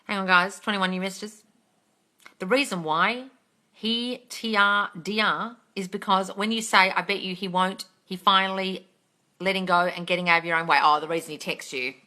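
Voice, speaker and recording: A woman's voice: medium pitch, fairly even intonation, normal speed, pushed and bright. A young woman coaching on a phone live stream, blunt and swearing freely as she answers comments. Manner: blunt, swears freely, ranting then laughing. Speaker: manifesting coach.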